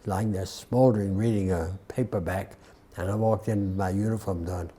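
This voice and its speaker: A man in his nineties with a Southern US accent, being interviewed and telling an unhurried story with dry humor. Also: low voice, fairly even intonation, mellow. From Atlanta, US South. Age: 90s. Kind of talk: recounting a war memory.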